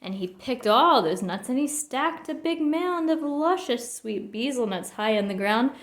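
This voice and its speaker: A woman reading a rhyming picture book aloud in a lively, expressive storytelling manner. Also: on the high side, a little slow. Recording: roomy echo.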